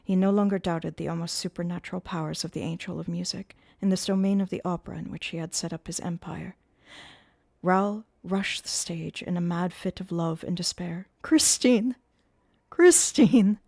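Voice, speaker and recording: A woman narrating a classic novel live, reading expressively and slipping into character voices for the dialogue. Her voice sits slightly low, and the sound is dry and close with no room echo. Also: little pitch movement, a little fast, vocal fry, a little mellow. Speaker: audiobook reader on a live stream.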